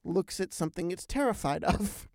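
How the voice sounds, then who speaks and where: A man hosting a podcast, telling a travel story in a lively, animated way with big swings in pitch and loudness. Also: normal speed, dry recording, clean studio sound. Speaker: podcast host. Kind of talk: casual storytelling chat.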